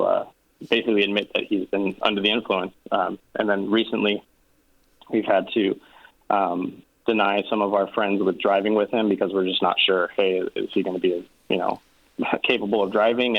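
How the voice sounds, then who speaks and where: Caller, male, deep-ish voice, muffled phone line, earnest and halting. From Los Angeles, California. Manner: earnest, many fillers, laughs nervously. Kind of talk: phone-in call.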